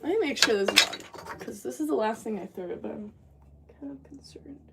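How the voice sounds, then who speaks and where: Animated and fairly quick, a woman with a high-leaning voice and vocal fry livestreams her ceramics work, chatting casually and rambling as she thinks aloud. A distant mic picks up background noise.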